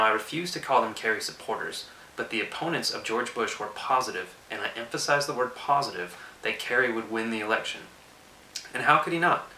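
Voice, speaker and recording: A man in his twenties from Texas giving a measured, persuasive, emphatic scripted video address about politics. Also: fairly low pitch, sharp tone, echoey room, distant mic, a little hiss or hum, poor audio. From Austin, Texas. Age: 20s. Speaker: political commentator.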